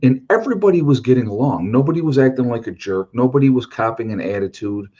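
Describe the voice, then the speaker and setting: A man's voice: mid-range voice, lively intonation, fast talker, warm tone, husky, lo-fi sound. A man from New York giving his opinions in a casual, earnest monologue, plain-spoken and rambling with fillers as he talks about a motorcycle trip.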